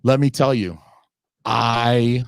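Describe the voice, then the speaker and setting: A man's voice: medium pitch, fairly even intonation, slow, gravelly, smooth, dry recording, clean studio sound. A man hosting a podcast, telling a long, profane, ranting story in casual chat. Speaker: podcast host.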